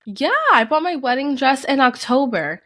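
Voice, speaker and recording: A young adult woman co-hosting a podcast, telling a personal story in casual chat with lively, profane energy. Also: high voice, normal speed, no echo. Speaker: podcast co-host.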